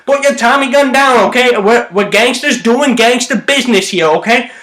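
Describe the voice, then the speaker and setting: A man's voice: extremely high pitch, normal speed, sharp tone, reverberant, pitched above the performer's own voice. A man voicing a nervous, pleading gangster in an old-timey 1930s film actor voice.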